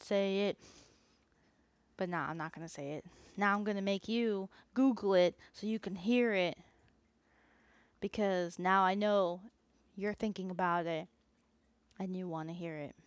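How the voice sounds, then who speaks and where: A woman's voice: mid-range voice, moderate pace, no echo. A woman hosting her own podcast, talking unscripted and rambling with asides and restarts. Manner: rambling, self-aware, chatty with frequent asides. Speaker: podcast host. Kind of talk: unscripted solo podcast chat.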